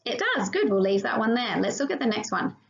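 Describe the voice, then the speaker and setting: A woman's voice: fairly high pitch, creaky. Encouraging Australian woman teaching phonics. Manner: slow, encouraging, sounds out letters. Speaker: prep teacher. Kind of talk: phonics lesson for young children. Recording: dull lo-fi sound.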